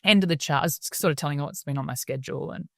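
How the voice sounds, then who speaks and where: An Australian woman speaking as a podcast guest, telling stories in a lively, chatty way and laughing often. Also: deep voice, rapid-fire, vocal fry, dry recording, studio quality. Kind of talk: casual interview storytelling.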